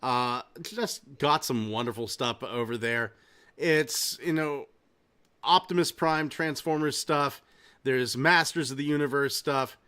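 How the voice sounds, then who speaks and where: A man hosting a casual comedic podcast, telling rambling, excitable stories and swearing freely. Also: medium pitch, a little slow, clean tone. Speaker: podcast host.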